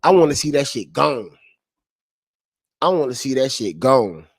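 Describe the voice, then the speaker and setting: A man's voice: medium pitch, sing-song, unhurried, slightly rough, no echo. Heated, profane male streamer, dry sound. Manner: heated, profane and repetitive, restating each point. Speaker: streamer talking to his chat. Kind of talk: unscripted live-stream commentary.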